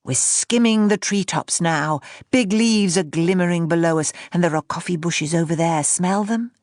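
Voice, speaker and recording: A woman voicing a playful middle-aged uncle with a smooth, velvety conductor's drawl. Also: on the low side, darkish tone, no echo, clean studio sound, natural voice. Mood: dreamy. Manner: slow, theatrical storytelling. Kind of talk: audiobook character voice.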